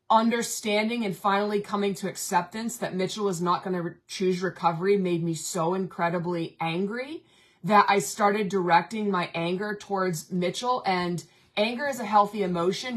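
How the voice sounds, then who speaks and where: Woman, co-host, candid confessional storytelling, mid-range pitch, casual chat. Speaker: co-host, family member.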